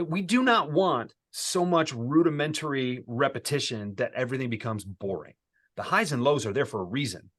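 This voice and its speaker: A man's voice: medium pitch, a bit bright. A man who is a guest sales speaker on a video call, talking in a casual, reflective coaching way with repeated phrases.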